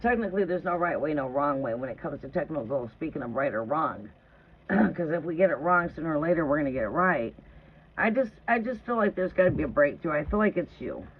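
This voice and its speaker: A woman's voice: low voice, expressive, brisk. A woman hosting a tarot live stream from her trailer home, chatting casually and telling rambling, profane stories. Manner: rambling, profane, conversational, often asks "right?". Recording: tinny phone-like audio with faint noise.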